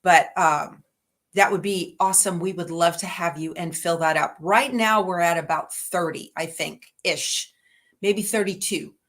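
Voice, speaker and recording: A woman's voice: measured pace, a bit bright. A middle-aged woman, chatting casually as host of a livestream and talking to viewers in a homey, rambling way. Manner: chatty and homey, talks to her dogs in a high baby voice.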